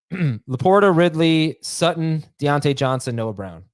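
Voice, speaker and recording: A man hosting a casual podcast chat, reading listener emails aloud and talking in quick, halting bursts. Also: a little high, animated, no echo, clean studio sound.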